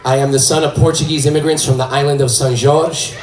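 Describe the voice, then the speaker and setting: A man from California doing stand-up on a hall stage, loudly working the crowd and shouting punchlines. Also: on the high side, steady tone, fast talker. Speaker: stand-up comedian. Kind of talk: stand-up comedy. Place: stage in a hall, live audience. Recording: echoey hall, mic at distance, crowd noise.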